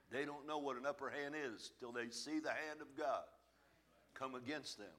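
A man's voice: fairly high pitch, sharp tone. A man preaching a sermon in church, emphatic and plain-spoken, his volume swelling and falling back. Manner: folksy, plain-spoken phrasing. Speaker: pastor.

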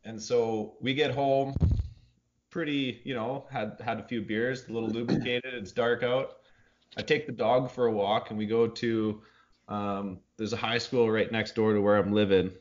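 A low-voiced man recounts a story in a relaxed, profane way, laughing as he goes. He talks casually on a podcast with friends, and the recording is slightly muffled. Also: moderate pace. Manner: laid-back, profane, laughs often. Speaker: podcast co-host.

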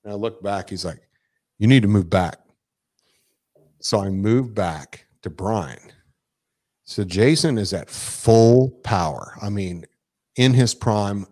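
A man's voice: lowish voice, a little mellow. A man chatting casually, telling a long anecdote in a rambling way, swearing freely and restarting his sentences often. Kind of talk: casual chat.

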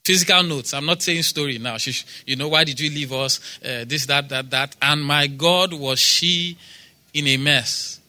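A man's voice: a little high, moderate pace, pushed and bright. A man preaching a sermon in a church, quoting scripture with emphasis, repeating phrases and asking the congregation for responses.

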